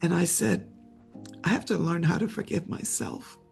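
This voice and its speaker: Gravelly older woman telling a painful story. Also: lowish voice, a little mellow, faint music behind. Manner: halting, repeats words, tearful retelling. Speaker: guest, memoir author. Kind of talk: emotional personal storytelling.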